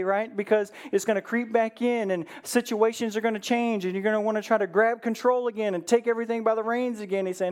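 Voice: mid-range voice, steady tone, fast talker, hardly any pauses, smooth. A pastor preaching a conversational sermon, earnest, who often checks in with "right?" and briefly acts out the words of Bible figures.

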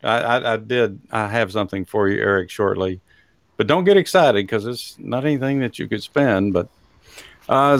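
A man with a Texan accent hosting a casual talk show, rambling with many fillers and frequent chuckles. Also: fairly low pitch. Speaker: host. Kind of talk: casual podcast chat.

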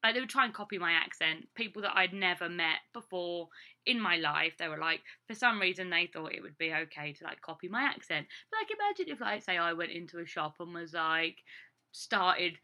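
A woman's voice: on the low side, lively intonation, brisk, sharp tone. A young English woman, a teacher living abroad, chatting casually with lots of fillers. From England. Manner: chatty, rambling, many fillers. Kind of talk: casual vlog talk.

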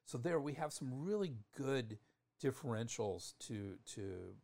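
A man's voice: medium pitch, lively intonation, a little slow, gravelly, a little mellow. A man teaching acupuncture terminology in a thoughtful lecture, often restarting phrases and spelling out terms.

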